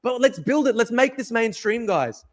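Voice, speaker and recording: A man's voice: extremely high pitch, expressive, normal speed. A young man hosting a livestream from his desk, talking in a fired-up, profane, rambling way as he reads chat. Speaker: livestream host. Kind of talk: casual livestream talk reading chat. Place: at a desk at home. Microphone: desk camera mic.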